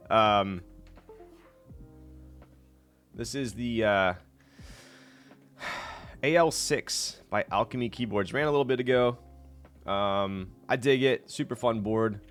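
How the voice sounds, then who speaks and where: A man's voice: on the low side, a bit bright. A young man casually chatting on his live stream, laid-back and rambling, laughing often and reading chat aloud.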